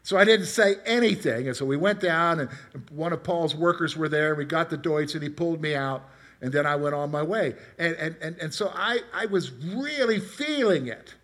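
A man's voice: a little high, lively intonation, normal speed, a bit bright. A middle-aged man preaching a conversational sermon, asking his congregation questions and telling personal stories. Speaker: pastor.

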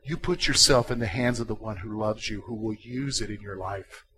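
A pastor preaching a sermon, swinging from quiet, intimate passages to loud, emphatic ones. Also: male voice, fairly low pitch, moderate pace, low-quality recording.

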